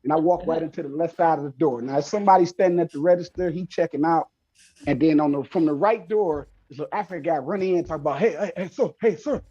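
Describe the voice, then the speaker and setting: Husky-voiced man telling a story. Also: on the high side, quick pace, muffled recording. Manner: animated, acts out the people in his story. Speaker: show co-host. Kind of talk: casual storytelling chat.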